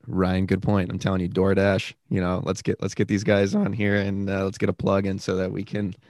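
A young man telling a story in a casual podcast chat, animated and rambling with many fillers. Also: deep voice, a little fast, no room sound, clean studio sound. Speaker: podcast guest, new father.

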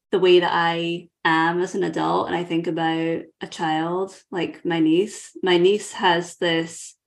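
A woman in her thirties with a Scottish accent, speaking as an interview guest. She talks in an earnest, reflective way, and her voice sits a little low. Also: gravelly. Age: 30s. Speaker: guest coach. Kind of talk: reflective personal storytelling.

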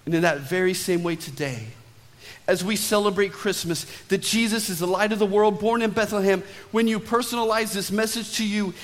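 A male pastor delivers a sermon in a bright, high voice. He swings between emphatic pushes and soft, low drops on key lines. A long reverb hangs behind every phrase, as in a large church sanctuary.

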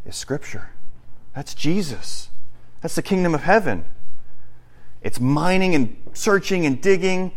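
Brief: male pastor, lively, chatty sermon delivery, voice sits a little high. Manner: animated, conversational, joking.

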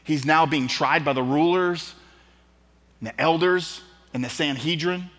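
A pastor with a fairly high voice preaches at a measured pace in an auditorium, telling the story vividly and acting out the quotes. The recording carries a long reverb.

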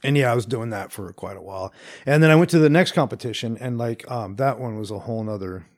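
A man's voice: medium pitch, fast talker, darkish tone. A man guest on a podcast, chatting casually and rambling through stories, saying "dude" and "like" a lot. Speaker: podcast guest, jiu-jitsu competitor. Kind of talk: casual chat.

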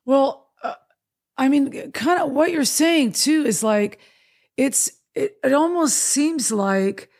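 A woman's voice: high-pitched, slow pace, darkish tone. A woman hosting an interview, reflecting aloud in a thoughtful, searching way and feeling her way through her sentences. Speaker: host. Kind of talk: casual interview chat.

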